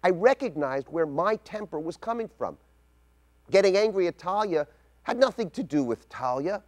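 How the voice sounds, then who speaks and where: In a high-pitched, animated voice, a middle-aged rabbi reads a scripted essay aloud. He recounts something from his own life in a calm, thoughtful, measured way.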